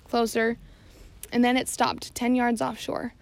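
A woman narrating an audiobook in a steady reading voice. Her pitch sits somewhat high with noticeable vocal fry, and she now and then stumbles and corrects herself. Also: unhurried. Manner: steady reading with occasional slips and self-corrections. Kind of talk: scripted narration.

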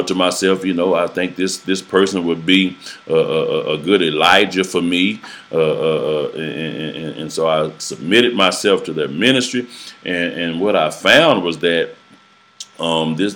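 Deep-voiced preacher, halting and earnest. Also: male voice, a bit bright. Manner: halting, repeats words often, earnest. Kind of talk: personal testimony in a casual interview.

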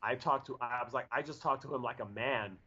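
A man in his forties rambles through a story in casual conversation, full of fillers and restarts. His mid-range voice has a sharp tone and moves fairly quickly. The audio is dull and lo-fi.

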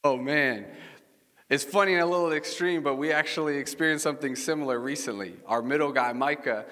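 In a church sanctuary full of congregants, a pastor preaches a casual, chatty sermon in a rather high, brisk, bright, forceful voice. He tells stories and poses questions to the audience, and the recording carries the long reverb of a large hall.

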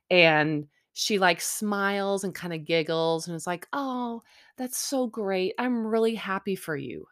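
Chatty young woman, low-pitched. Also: a bit bright. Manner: chatty, sarcastic, mimics people in high voices. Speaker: podcast host recapping a reality dating show. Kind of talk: casual recap chat.

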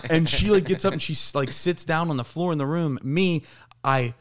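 A man's voice: on the high side, moderate pace, very noisy. A man in his thirties telling a long, rambling, profane story on a casual podcast, laughing along as he goes. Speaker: podcast co-host.

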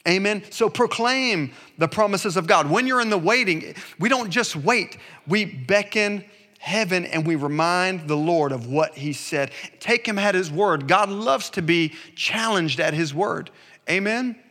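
A man preaching a sermon with emphatic, repeated refrains, shifting into relaxed conversational storytelling. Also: high voice, unhurried, long reverb tail. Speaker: pastor.

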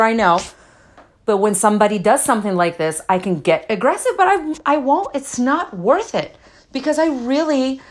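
Earnest, emotional woman telling a personal story. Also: on the high side. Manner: repeats herself for emphasis. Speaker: podcast host. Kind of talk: solo personal storytelling monologue.

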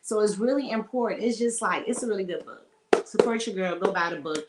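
A woman's voice: medium pitch, a little fast, background noise. Chatty woman hosting a live podcast. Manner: chatty, greets live viewers by name, laughs often. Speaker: podcast host. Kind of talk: casual live-streamed podcast chat.

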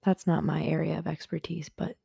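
Young woman, solo podcast host at home in bed; low, mellow, unhurried, rambling and self-mocking, often half-whispered. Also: flat delivery, vocal fry, breathy edge, no echo, clean studio sound. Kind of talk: casual solo podcast chat. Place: bedroom at home.

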